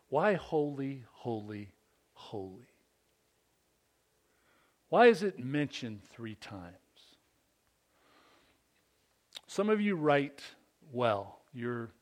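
A man preaching a sermon, reading scripture and acting out quotes with rising, pleading intensity. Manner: animated preaching, climbs high and loud on quotes. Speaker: pastor.

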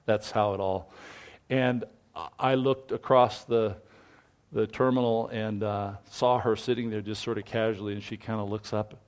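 Middle-aged guy pastor preaching, storytelling, acts out the quotes, gets loud and excited. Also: fairly low pitch, normal speed. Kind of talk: sermon.

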